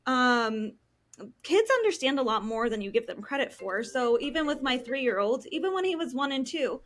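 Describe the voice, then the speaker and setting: Speaking at a moderate pace with a high voice and big swings in pitch, this woman is a counselor in her thirties. She is a licensed professional guesting on a podcast, earnestly explaining with frequent ums.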